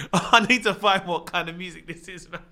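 A man chatting casually, telling animated stories full of slang and laughter. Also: sits high, normal speed. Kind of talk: casual chat.

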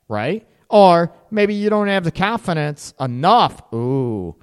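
A male radio host giving relationship advice, with a lively voice that jumps up and down in pitch. He sits a little high for a man and turns sarcastic, acting out what partners say. His voice carries a long reverb tail. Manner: animated, sarcastic, acts out quoted partners. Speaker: radio show host and counselor.

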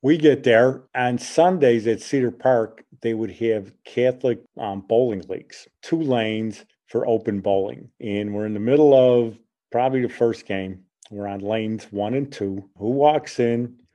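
Chatty guy in his 60s from around chicago, radio host telling stories, mellow voice. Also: medium pitch, measured pace. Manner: chatty, lively when amused. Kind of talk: casual storytelling.

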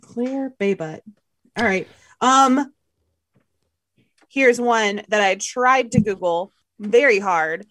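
A woman's voice: mid-range voice, takes it slowly, long pauses, fairly bright tone. A woman co-hosting a movie podcast in casual chat, playful and giggly as she reads out names. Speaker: podcast co-host.

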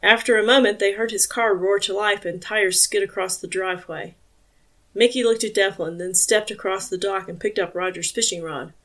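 A woman narrates an audiobook in a calm, measured way, with a voice of middling pitch. Her storytelling stays steady from line to line. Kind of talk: scripted narration.

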